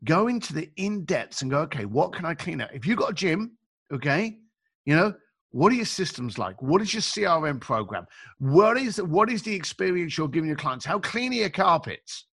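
Bright, high-voiced chatty man. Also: moderate pace, husky. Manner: animated, chatty, acts out quotes; informal slang. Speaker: guest. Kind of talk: casual storytelling.

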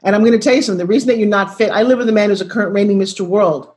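A woman in her sixties, a motivational coach, talking bluntly and forcefully in an interview and pressing her guest with repeated questions. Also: mid-range voice, racing. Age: 60s.

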